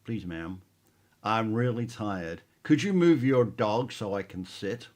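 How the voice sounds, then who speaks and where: A man's voice: fairly low pitch, expressive, slow, darkish tone. A man doing a weary, polite Marine. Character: exhausted young American Marine, polite man.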